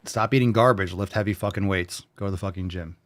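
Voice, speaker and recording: A man's voice: sits low, quick pace, faint music behind. A man hosting a fitness show in casual livestream chat, brash and joking, swearing freely.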